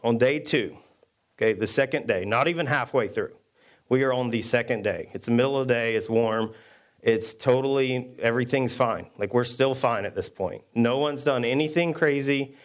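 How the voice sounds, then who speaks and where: Man preaching in a relaxed chatty way. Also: medium pitch. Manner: casual storytelling with self-deprecating humor; reads scripture aloud at a quick clip. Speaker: pastor. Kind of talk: conversational sermon.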